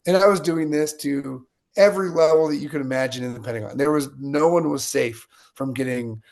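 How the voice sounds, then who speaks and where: A man with a gravelly, fry-edged voice of middle pitch tells stories as an interview guest. He talks with energy and jumps into the voices of the people in his anecdotes. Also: a little fast. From United States. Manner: energetic, animated storyteller acting out quotes. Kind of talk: interview storytelling.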